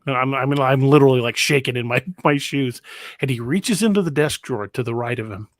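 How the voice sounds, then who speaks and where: A man's voice: mid-range voice, a little fast, no room sound, clean studio sound. A man co-hosting a podcast, telling a long anecdote in a casual, rambling way with some swearing. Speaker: podcast co-host. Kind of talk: casual storytelling chat. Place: studio.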